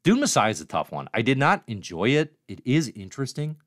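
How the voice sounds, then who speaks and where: Lively-voiced man hosting a stream. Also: medium pitch, a little fast, dry recording, clean studio sound. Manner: chatty, reads viewer comments aloud. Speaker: livestream host. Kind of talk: casual comics review livestream.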